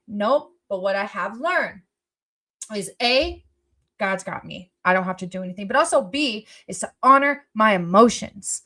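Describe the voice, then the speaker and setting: A blunt woman vlogger speaking straight to her viewers, her voice sitting a little high. She is emphatic and swears freely, jumping from loud outbursts to quiet, soft asides. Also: animated, moderate pace. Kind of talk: casual personal talk to viewers.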